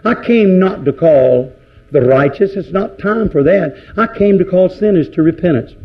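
A man's voice: high-pitched, lively intonation, normal speed. A man preaching a fervent sermon, firing off one rhetorical question after another. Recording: dull lo-fi recording.

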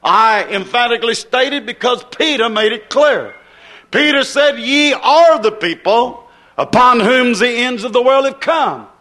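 High-voiced, bright emphatic preacher. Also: male voice, a little slow. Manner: emphatic, repetitive preaching cadence. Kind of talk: sermon.

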